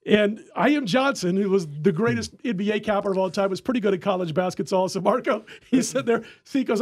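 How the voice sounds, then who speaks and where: High-voiced, animated storytelling host. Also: male voice, brisk, few pauses, no echo, clean studio sound. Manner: animated storyteller who laughs often. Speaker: podcast host and sports handicapper. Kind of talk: casual sports-betting podcast chat.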